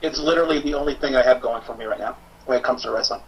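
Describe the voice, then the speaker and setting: A man co-hosting a casual wrestling podcast, excitable, often acting out imagined promos in put-on voices. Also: mid-range voice, racing, a little hiss or hum, rough recording. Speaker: podcast co-host.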